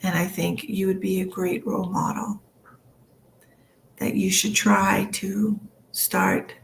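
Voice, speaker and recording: Slow, gravelly-voiced woman psychic medium. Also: mid-range voice, little pitch movement, slight background noise. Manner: emotional, earnest, soothing; rambling with many fillers. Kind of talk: live-streamed psychic reading. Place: home livestream.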